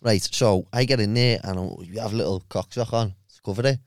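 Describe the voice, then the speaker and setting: A young man, a podcast guest telling crude, animated anecdotes with lots of laughter. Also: on the low side, brisk, dry recording, studio quality. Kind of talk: casual storytelling chat.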